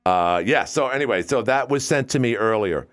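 A man's voice: medium pitch, animated, moderate pace, a bit bright. A man hosting a call-in radio talk show, rambling and wisecracking between callers.

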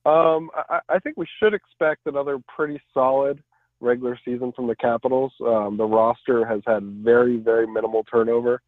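A man appearing as a podcast guest, giving a measured rundown with frequent ums. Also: medium pitch, fairly even intonation, no room sound. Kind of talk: casual sports analysis. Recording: dry, tinny phone-like line.

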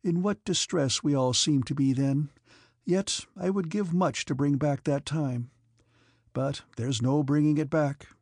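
A man voicing a reserved, sad young nobleman who speaks softly and with restraint. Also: fairly high pitch, measured pace, no room sound, studio quality. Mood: restrained.

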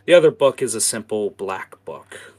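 Low voice guy narrating a tabletop game, lots of uh and like. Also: expressive, moderate pace. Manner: casual, many fillers and restarts. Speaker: game master.

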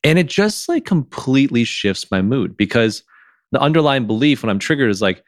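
A man hosting a podcast in casual conversation, who reenacts his own past lines in a livelier, higher voice. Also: sing-song, moderate pace, no room sound, studio quality. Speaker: podcast host.

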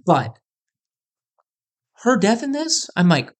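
A man's voice: sits high, wildly swooping pitch, takes it slowly. A man co-hosting a casual podcast, talking easily and acting out his own reactions. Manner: easygoing, acts out quoted reactions with filler words. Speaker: podcast co-host. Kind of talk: casual chat about movies and shows.

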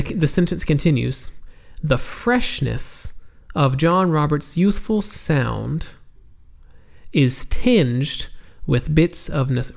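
A man's voice: mid-range voice, gravelly. A man teaching English vocabulary, explaining words patiently and spelling them out, with many ums and restarts. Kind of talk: slow explanatory vocabulary lesson.

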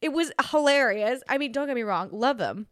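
A young Australian woman talks on her own podcast in a loose, rambling way, laughing often and restarting her sentences. Her voice sits fairly high, and the recording is close and dry, with no room sound. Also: expressive, brisk, fairly bright tone, no echo. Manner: chatty, giggly, rambling with restarts. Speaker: podcast host. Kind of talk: casual solo chat.

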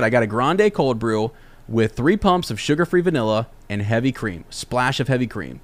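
A young man hosting a podcast, telling a casual story in an animated, rambling way with many restarts. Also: mid-range voice, moderate pace, dry recording. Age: young adult. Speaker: podcast host.

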